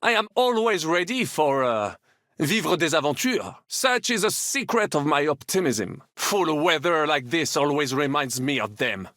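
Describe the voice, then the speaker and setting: An actor playing a flamboyant, optimistic French knight in a video game, with a French accent and a theatrical, boastful way of talking. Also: male voice, on the high side, big pitch swings, a little slow, fairly bright tone, dry recording, studio quality.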